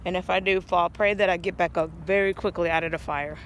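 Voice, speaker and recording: A woman's voice: fairly low pitch, steady tone, fairly quick, slight background noise. A woman telling a long personal story in a casual vlog, rambling and earnest, often restarting her sentences, speaking outdoors. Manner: rambling, earnest, stop-start. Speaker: vlogger.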